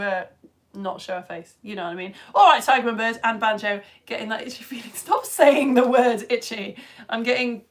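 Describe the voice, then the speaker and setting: Chatty woman with a cold hosting a live show. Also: on the high side. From United Kingdom. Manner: chatty, lively, often giggly, drops to soft asides. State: has a cough and cold. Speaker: host of a live science show for children. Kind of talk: casual live-stream chat reading comments. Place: at home on the sofa.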